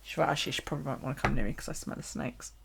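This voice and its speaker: A woman's voice: low voice, very fast, vocal fry, noisy background. A woman hosting a late-night livestream, chatting casually, laughing often and swearing freely as she rambles. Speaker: bullet-journal livestream host. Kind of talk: casual live-stream chat.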